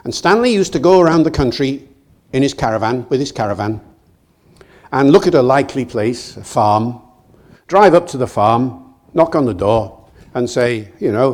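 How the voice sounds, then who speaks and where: Older man, british, lecture hall talk, lively storyteller voice, acts out quotes. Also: mid-range voice, normal speed. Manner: lively, digressive, quotes others in acted asides. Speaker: guest lecturer.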